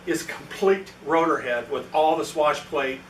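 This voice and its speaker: A man with a fairly high voice talks a little slowly as a guest storyteller at a club meeting, performing the quoted dialogue of characters in his anecdote. Recorded from a distance in an echoey meeting room, the clip carries a little hiss or hum.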